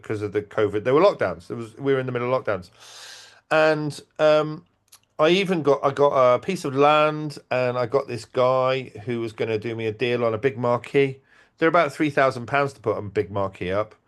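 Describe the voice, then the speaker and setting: A man telling stories in casual talk, animated, acting out quotes and restarting his sentences. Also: mid-range voice. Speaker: event organizer and podcast guest. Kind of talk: casual conversational storytelling.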